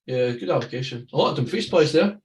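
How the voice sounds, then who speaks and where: A Scottish man co-hosting a podcast, giving quick running football commentary between casual chat. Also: medium pitch, lively intonation, echoey room. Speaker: podcast co-host. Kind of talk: live football watchalong commentary.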